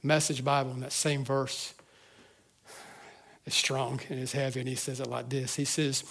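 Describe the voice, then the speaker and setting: A pastor preaching a sermon to his church, earnest, moving between hushed reflection and fervent emphasis with frequent restarts. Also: medium pitch, little pitch movement, normal speed, creaky, long pauses. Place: church service.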